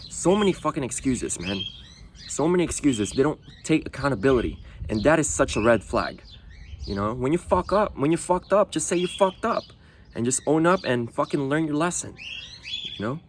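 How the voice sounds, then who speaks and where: A man's voice: mid-range voice, slight background noise. A man talking bluntly to the camera in a casual monologue, swearing often and tagging lines with "you know". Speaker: vlogger.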